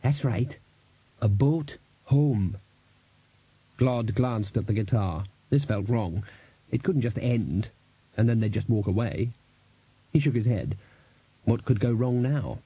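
Mellow husky male audiobook narrator. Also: fairly low pitch, a little slow, dry recording. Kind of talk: audiobook reading with character voices.

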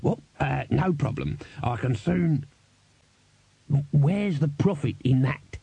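A grumpy dwarf musician who talks gruffly and eyes everything with suspicion, as a male storyteller puts him on. The voice is mellow and husky, recorded close and dry. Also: fairly high pitch, animated, slow, dry recording, full character voice.

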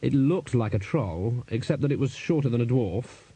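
A man narrating a fantasy novel in a wry, even storytelling manner. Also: medium pitch, normal speed, breathy edge, no echo. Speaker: audiobook narrator. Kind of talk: scripted narration.

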